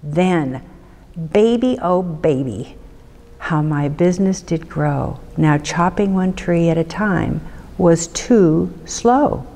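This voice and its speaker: Woman reading a children's book, slow rhythmic delivery, lower voice, reverberant room. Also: animated, warm tone. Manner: measured rhythmic read-aloud. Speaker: city councilmember.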